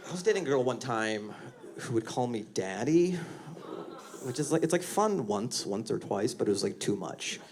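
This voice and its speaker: A man in his forties doing a conversational stand-up set into a handheld mic, often breaking into squeaky voices for his acted bits. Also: animated, moderate pace, darkish tone. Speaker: stand-up comedian. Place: comedy venue stage before a laughing audience. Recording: live show with crowd laughter and noise.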